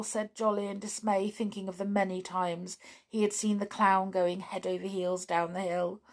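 A woman reading a children's story aloud in a gentle, expressive way. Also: medium pitch, normal speed.

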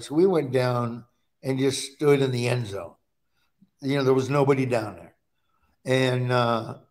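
A middle-aged man from Nebraska, a guest in a casual chat, telling animated stories and acting out his own quotes. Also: mid-range voice.

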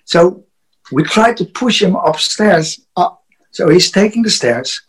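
A Dutch man with a notably high voice tells a loose, profane road story as a podcast guest. He laughs often and restarts words as he goes. English is not his first language, and his Dutch accent is clear. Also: animated, slow pace, low-quality recording. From Netherlands. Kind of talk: casual storytelling.

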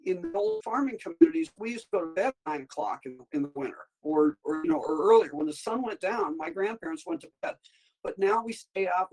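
A woman's voice: lowish voice, animated, a little fast, darkish tone, rough recording. A woman appearing as a guest doctor in a casual interview, talking in a chatty, meandering way that jumps between topics.

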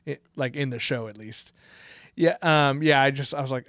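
A man's voice: medium pitch, normal speed, a bit bright, dry recording, studio quality. A man co-hosting a casual podcast, rambling with lots of fillers and frequent laughs. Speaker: podcast co-host. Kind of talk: casual chat.

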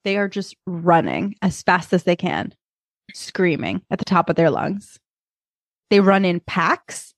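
A woman in her thirties, co-hosting a podcast and telling a lively story in a casual chat. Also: on the low side, unhurried, no room sound, studio quality. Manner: animated storyteller, acts out kids and herself. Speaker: podcast co-host.

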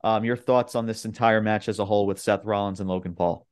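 A man's voice: fairly low pitch, steady tone, quick pace. A young man hosting a podcast, recapping wrestling matches in a rambling, casual way with lots of fillers and swearing. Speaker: podcast host.

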